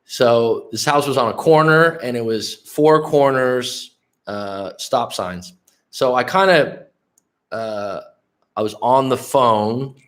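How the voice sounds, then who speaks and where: A man's voice: medium pitch, slow pace, fairly bright tone. A man in his late thirties from the San Francisco Bay Area, a life coach host telling a story in a candid, conversational way on a casual livestream, swearing often. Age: late 30s.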